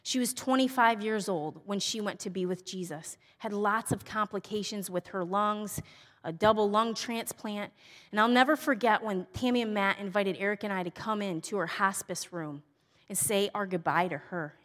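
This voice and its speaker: A middle-aged woman speaking at a women's church event, telling personal stories earnestly and moving between bright emphasis and hushed, tender softness. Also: medium pitch, normal speed. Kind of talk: personal teaching talk. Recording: long reverb of a large hall.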